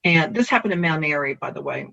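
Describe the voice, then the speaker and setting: A realtor telling a personal story in an animated way, the pitch jumping up for emphasis. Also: quick pace, creaky. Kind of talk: personal anecdote. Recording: dull lo-fi recording.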